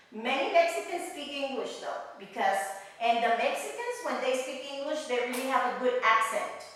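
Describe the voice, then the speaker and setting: High-voiced teacher in an echoey room. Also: female voice, sharp tone. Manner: patient, repeats phrases and restarts to explain. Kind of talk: casual history lesson for learners. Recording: echoey room, far from the mic.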